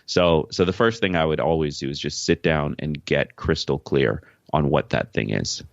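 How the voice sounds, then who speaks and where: A young man from Jamaica, a podcast host and author, answering interview questions in a relaxed way with many fillers. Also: a bass voice, normal speed, vocal fry, no echo. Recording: dry, dull lo-fi remote call audio.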